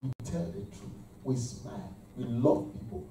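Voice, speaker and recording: A pastor preaches to his congregation in a church hall, leading call-and-response and calling out praise between points. His warm, medium-pitched voice moves at a moderate pace over soft background music. The hall is echoey and the mic is far off.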